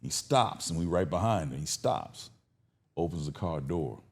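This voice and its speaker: Lively storytelling man in his fifties. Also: a bass voice, measured pace. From Cleveland, United States. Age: 50s. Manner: animated, laughs often and acts out quoted voices. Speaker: guest. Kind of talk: storytelling in casual conversation.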